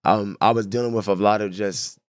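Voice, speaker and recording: A young man from San Diego, California, speaks in a lowish, fairly even voice, fairly quick, with a clear, resonant tone. The recording is studio quality with no room sound. He owns a clothing brand and is a guest telling stories in a casual podcast interview, laid-back and full of slang.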